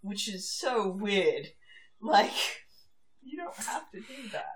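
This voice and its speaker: A woman's voice: mid-range voice, big pitch swings, slow pace. A young woman with a posh southern English accent, chatting and laughing often as a podcast co-host, swearing freely. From England. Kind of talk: casual chat recapping a show.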